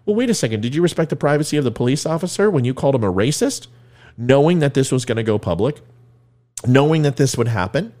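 A man's voice: medium pitch, expressive, quick pace, mellow. A man giving blunt, emphatic opinion commentary in a lecturing way.

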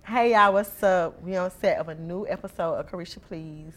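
A woman's voice: lowish voice, moderate pace, slight background noise. A woman hosting a casual interview, flirty and teasing. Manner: flirty, teasing, laughs often. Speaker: podcast host.

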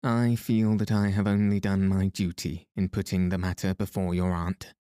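A man's voice: low-pitched, level tone, moderate pace, dark tone, clear, resonant tone, no echo, clean studio sound, natural voice. A man reading a prim, resentful schoolteacher's lines in a cold, formal tone.

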